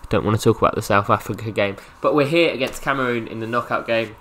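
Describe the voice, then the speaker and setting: A young man from England giving casual, jokey commentary over his own football video game, reacting loudly to the play. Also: on the low side, quick pace, slight background noise. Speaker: gaming YouTuber.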